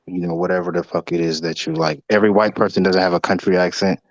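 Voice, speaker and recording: Man from North Carolina, lowish voice, relaxed, jokey, dull lo-fi sound. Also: fast talker, dry recording. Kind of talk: casual live-stream chat.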